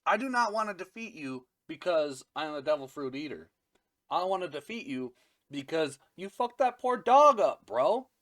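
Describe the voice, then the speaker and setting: A man voicing a brash young male pirate who talks loud and earnest with casual slang. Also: on the high side, big pitch swings, normal speed, voice pushed up. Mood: indignant.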